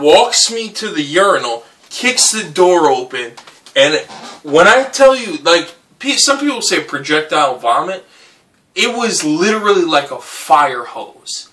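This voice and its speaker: A young man telling a drunken story in casual, animated speech, swearing and asking "right?" again and again. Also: high voice, slow, far from the mic. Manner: animated, swearing, says "right?" and "dude" often. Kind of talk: casual anecdote.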